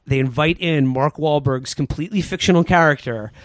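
A man tells a movie plot as a sarcastic, rambling comedy recap. His voice sits a little high, and the sound is dry and close. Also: fairly quick, dry recording. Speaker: podcast host.

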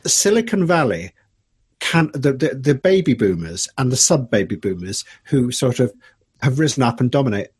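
A man's voice: medium pitch, big pitch swings, normal speed, a little mellow, slightly rough. A man, a documentary filmmaker, talking through his ideas as an interview guest, musing and argumentative with many restarts. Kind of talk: animated interview talk.

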